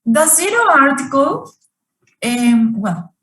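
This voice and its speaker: Lady teacher on a video call, talks slow, repeats stuff, roomy far-off sound. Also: sits high, very animated, fairly bright tone. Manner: slow, repeats points and asks students questions. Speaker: English teacher. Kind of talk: online grammar lesson.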